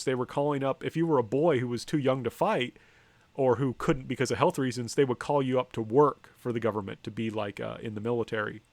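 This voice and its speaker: A man lectures in a loose, conversational way, often pausing on ums and correcting himself mid-sentence. His voice sits at an ordinary middle pitch, with now and then a dry, wry aside. The recording is close and dry, with almost no room echo. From United States. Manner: conversational, hesitant, many ums and self-corrections. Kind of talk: university lecture on slides.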